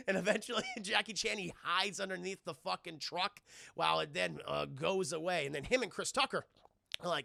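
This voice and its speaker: A man streaming live, recapping a movie scene by scene, animated and profane, acting out the scenes. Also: high-pitched, fast talker, vocal fry, dry recording, clean studio sound.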